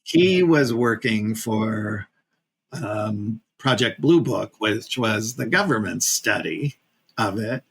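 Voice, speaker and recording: A man in his fifties, a casting director and podcast guest, telling a personal story in a lively, casual way, acting out the people he quotes and using plenty of fillers. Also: fairly low pitch, takes it slowly, creaky, husky, rough recording.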